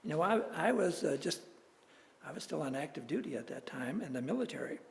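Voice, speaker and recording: A man's voice: a little high, a little fast, gravelly. A male minister, likely older, telling personal stories in a sermon, chuckling often as he goes. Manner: storytelling, chuckles often, animated. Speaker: guest minister. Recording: church hall with long reverb.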